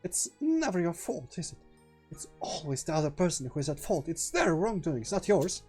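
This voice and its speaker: A man voicing a cold, formal young woman who speaks softly and holds back her anger. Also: on the high side, very animated, normal speed, slightly rough, soft background music, exaggerated voice. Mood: icy. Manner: soft, icy, restrained, formal. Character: cold restrained shy young woman Yuri.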